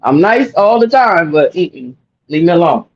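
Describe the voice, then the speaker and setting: A man co-hosting a podcast in casual chat, expressive and quick to laugh. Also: a little high. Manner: expressive, laughs often, drawling asides. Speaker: podcast co-host. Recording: dull lo-fi audio.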